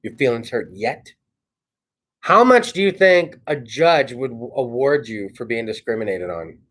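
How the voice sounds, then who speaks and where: A man hosting a casual comedy talk show, telling stories in a brash, profane, animated way. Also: mid-range voice, unhurried. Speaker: host.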